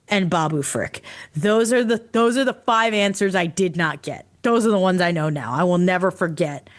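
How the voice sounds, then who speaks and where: A tired woman co-hosting a podcast in casual chat, excited and laughing often. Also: lowish voice. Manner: excited, laughs often, puts on quick character voices. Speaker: podcast co-host.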